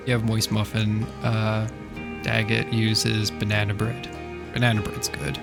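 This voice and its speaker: A man's voice: on the low side, level tone, unhurried, creaky, music in the background. A man streaming a video game, chatting casually with his viewers and laughing often. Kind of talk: casual live-stream chat while gaming.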